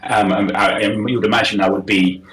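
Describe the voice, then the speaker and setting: A man's voice: lowish voice, flat delivery, a little fast, a bit bright, soft background music. A man playing in a tabletop game, describing his character's actions in a rambling, hesitant way. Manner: rambling, full of fillers and restarts. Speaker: player. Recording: roomy echo.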